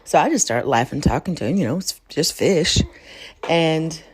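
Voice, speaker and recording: Woman in her thirties, chatty storyteller, slightly low voice. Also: expressive, normal speed, husky. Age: 30s. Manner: chatty, laughing, many fillers. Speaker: podcast host. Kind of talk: casual storytelling podcast.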